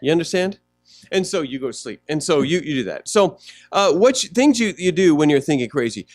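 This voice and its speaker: Male pastor, fairly high voice, animated sermon delivery. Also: brisk, no room sound. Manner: conversational preaching, asks the congregation questions.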